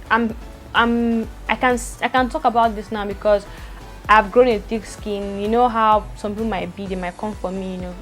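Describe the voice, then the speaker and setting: A young woman vlogger, talking fast to the camera, stuttering and repeating words as she goes. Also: medium pitch. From Nigeria. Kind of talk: personal talk to camera.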